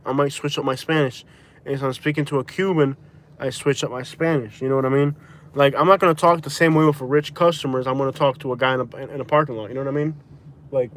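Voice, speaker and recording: A man's voice: mid-range voice, fairly bright tone. A man from Florida, live-streaming from inside his car, talking in a rambling, casual way, often restarting and correcting himself, and tired with a migraine. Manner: rambling, self-correcting, chatty. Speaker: vlogger. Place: inside a vehicle.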